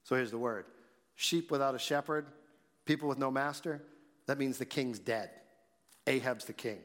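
A man preaching a sermon, reading scripture slowly and then explaining it in a conversational way. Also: medium pitch, fairly bright tone. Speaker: pastor. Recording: long reverb in a large hall.

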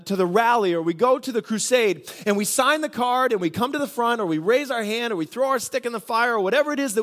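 A man's voice: very high-pitched, a bit bright. A pastor from the United States giving a conversational sermon, asking rhetorical questions and often repeating phrases as he builds a point.

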